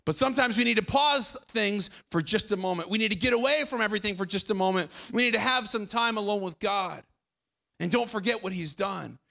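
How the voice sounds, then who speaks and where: Bright gravelly-voiced male preacher. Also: sits high, brisk. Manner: conversational preaching, repeats phrases, drops to quiet for emphasis. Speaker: pastor. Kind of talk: sermon. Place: church auditorium.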